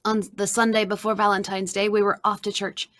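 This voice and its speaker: A woman reading a children's storybook aloud, narrating softly and expressively in the first person. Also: medium pitch, little pitch movement, brisk, no room sound, clean studio sound.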